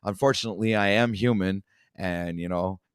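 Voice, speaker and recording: A man's voice: deep voice, normal speed, clear, resonant tone, no echo, studio quality. A man with a Canadian accent hosting a casual livestream talk show, rambling with many fillers and restarts.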